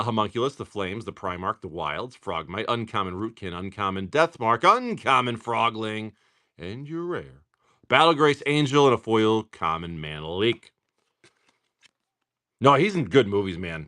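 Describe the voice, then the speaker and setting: Chatty, lively-voiced man opening card packs. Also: lowish voice, moderate pace. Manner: chatty, swearing, rambling storyteller. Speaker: livestream card-breaking host. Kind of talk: casual chat while opening card packs.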